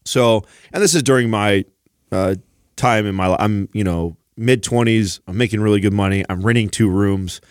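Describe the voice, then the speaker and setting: Animated man telling a story, dry mic. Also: on the low side, moderate pace, no room sound. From San Jose area, California. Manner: animated storyteller, swears freely. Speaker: podcast co-host. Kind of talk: casual storytelling chat.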